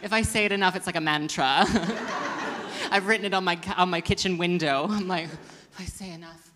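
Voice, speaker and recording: A woman's voice: lowish voice, normal speed, big-room sound, noisy background. A woman hosting a live comedy show, rambling and self-mocking, laughing at her own jokes. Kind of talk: stand-up comedy. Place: performance venue with live audience.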